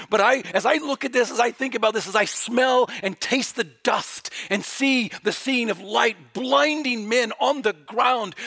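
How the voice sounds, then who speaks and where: A male preacher with a high, gravelly voice delivers a dramatic sermon. He sinks to near-whispers, then surges into fervent bursts.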